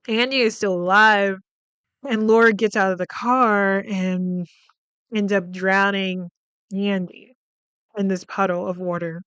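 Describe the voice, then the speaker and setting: A woman's voice: mid-range voice, fairly bright tone, clear, resonant tone, dry recording, dull audio. A woman hosting a podcast, recapping a film in a casual, chatty way, full of "like" fillers and freely swearing. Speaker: podcast host.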